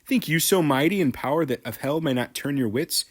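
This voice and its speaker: A haughty girl who runs the courtroom through threats, read by a man in a play reading. the voice is raised in pitch and pushed loud, imperious and menacing. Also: big pitch swings, takes it slowly. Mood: threatening.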